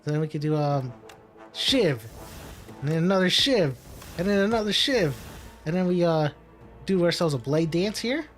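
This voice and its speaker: A fairly high-pitched, animated male voice moves at a moderate pace with long pauses, backed by soft music. The gaming commentator casually talks through his own card game move by move, muttering to himself and laughing whenever he hits a setback.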